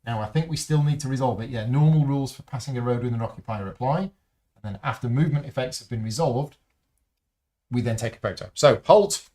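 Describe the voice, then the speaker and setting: A man's voice: medium pitch, quick pace, dark tone. A man hosting a board game playthrough, methodically explaining rules and reading story card text aloud.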